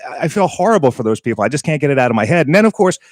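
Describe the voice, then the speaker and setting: A man's voice: fairly high pitch, very animated, very fast, no echo, clean studio sound. A man hosting a live internet radio stream, rambling in a casual, indignant way and often repeating himself. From Boston area.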